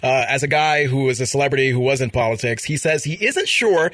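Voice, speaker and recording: A man's voice: medium pitch, animated, fairly quick, a bit bright. A man hosting a podcast, chatting casually about celebrity gossip and reading out news items. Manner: chatty, laughs often, reads news items. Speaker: podcast host. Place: studio in Vermont.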